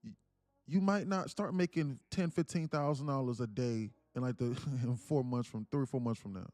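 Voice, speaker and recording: A man's voice: mid-range voice, moderate pace, darkish tone, no echo. Earnest man hyping his stream chat. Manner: earnest, repetitive, calls listeners "man" and "bro"; reads chat aloud. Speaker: livestream trading host. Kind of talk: casual motivational livestream talk.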